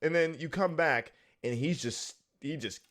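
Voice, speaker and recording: A man co-hosting a casual chat about a video game, laughing often and acting out characters in quick voices. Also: a little high, fairly bright tone. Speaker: podcast co-host.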